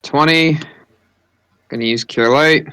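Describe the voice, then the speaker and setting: A man playing a tabletop game, slowly counting out his moves and spells. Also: a little high, pushed and bright, clear, resonant tone, no echo. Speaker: player. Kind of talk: casual tabletop play.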